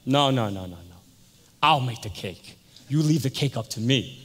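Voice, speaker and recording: A man voicing a blunt, gruff man who runs a diner, speaking brusquely. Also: medium pitch, animated, moderate pace, lightly acted. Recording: echoey church hall.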